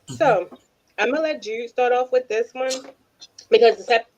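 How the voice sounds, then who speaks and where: A woman's voice: fairly high pitch, moderate pace, a little mellow, muffled recording, a little hiss or hum. A woman co-hosting a casual podcast chat, reading listener comments aloud and steering the topics. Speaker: podcast co-host.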